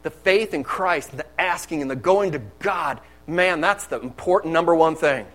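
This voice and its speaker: A man's voice: a little high, moderate pace, a bit bright, poor audio. A man preaching a sermon in a candid, conversational storytelling manner.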